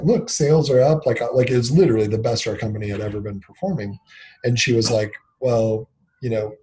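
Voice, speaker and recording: A man in his thirties tells personal stories in an interview. His voice is warm and mellow. He talks reflectively and often uses fillers like "um" and "like", then briefly acts out the lines of other people in quick bursts. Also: fairly low pitch. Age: 30s. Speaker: company CEO, guest. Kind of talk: candid interview storytelling.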